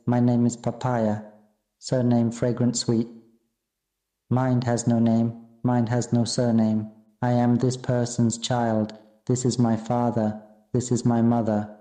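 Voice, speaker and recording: A man delivers a solemn Buddhist sermon in a very dark, mellow voice that stays flat and even. His phrasing is repetitive and incantatory, and he sounds like he is in an echoey room. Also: medium pitch. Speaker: Buddhist teacher. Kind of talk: Dharma sermon.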